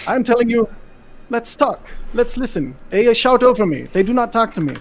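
Tabletop player, man, very high voice, impassioned and rhetorical, in character. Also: very animated, moderate pace, a little hiss or hum. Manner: impassioned, reasoning, rhetorical questions. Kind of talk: in-character speech in a tabletop game.

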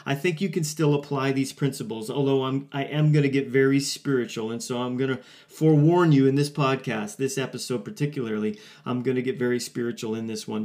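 A man's voice: medium pitch, a little mellow. A man in his forties hosting a podcast, telling a personal story in an earnest, conversational way with frequent fillers and restarts. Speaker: podcast host. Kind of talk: casual solo podcast monologue.

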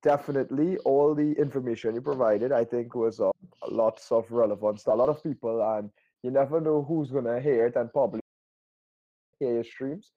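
A man's voice: mid-range voice, steady tone, fairly quick, muffled recording. A man co-hosting a casual podcast, speaking hesitantly with many fillers. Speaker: podcast co-host.

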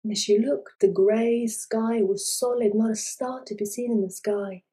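A woman telling a folk tale in a soft, dramatic storybook narration. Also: a little high, steady tone, normal speed, rough recording.

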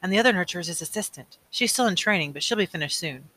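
Eager curious boy read by a guy, bright voice, lots of questions. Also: high-pitched, animated, fast, full character voice, poor audio.

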